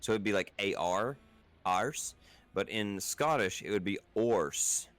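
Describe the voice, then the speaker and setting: Deep-voiced joking man at a game table. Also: unhurried, fairly bright tone, clean tone. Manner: playful, explains with laughter. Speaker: player.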